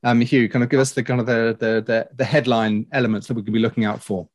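A man's voice: mid-range voice, flat delivery, quick pace. A man interviewing, asking technical questions in a casual, inquisitive way with loose hedging. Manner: inquisitive, casual, hedges with "kind of".

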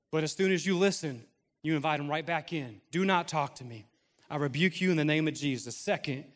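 A man in his thirties delivering a sermon with a slightly raised pitch. He preaches in an easygoing, conversational way, breaking into humor and acting out small scenes. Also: a bit bright, long reverb tail. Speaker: pastor.

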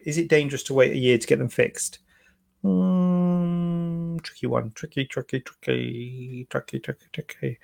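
Gravelly-voiced surgeon chatting. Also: male voice, mid-range voice. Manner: chatty, thinks aloud with fillers and repeats. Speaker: plastic surgeon answering viewer questions. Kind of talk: casual live Q&A.

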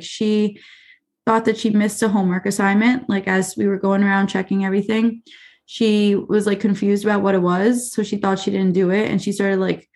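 Telling tales from her classroom, this young teacher chats easily in what feels like a laid-back podcast interview. Her middling-pitched voice is edged with gravelly fry, and "like" and "you know" pepper nearly every sentence.

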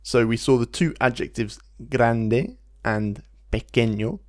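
A man, teaching a Spanish lesson in a relaxed podcast style, explaining patiently and slowing down to model phrases. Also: medium pitch. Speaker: language teacher.

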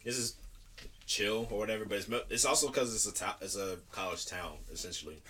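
A man's voice: on the low side, brisk, bright, forceful tone, far from the mic. A man from the Baltimore area co-hosting a casual podcast chat, joking and laughing at his own lines. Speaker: podcast co-host.

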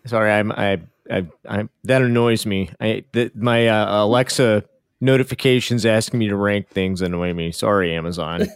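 A man's voice: medium pitch, no room sound. A man hosting a casual podcast, his voice rising and falling with animation. He stumbles and restarts before steering back to his question. The sound is dry and close. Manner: animated, self-interrupting. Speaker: podcast host.

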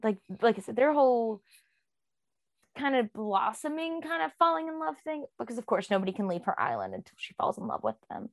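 A woman's voice: fairly high pitch, very animated, a little fast, no echo. A woman co-hosting a podcast, chatting casually about a book, rambling with many fillers. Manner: rambling, full of "um" and "like". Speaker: podcast co-host.

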